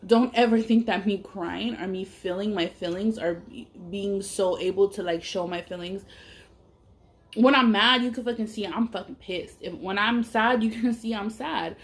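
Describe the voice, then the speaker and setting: A woman tells a personal story while eating on camera. Her voice sits at an ordinary pitch for a woman. She speaks bluntly and with emphasis, swears freely and talks openly about her emotions. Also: normal speed. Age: adult parent. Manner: candid and emotional. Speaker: mukbang vlogger.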